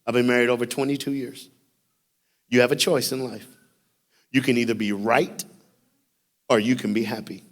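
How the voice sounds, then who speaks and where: A man preaching in a church, telling stories with jokes and swinging from loud bursts to hushed asides. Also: mid-range voice, flat delivery, normal speed, pauses often. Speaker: youth speaker. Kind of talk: sermon. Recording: reverberant church hall.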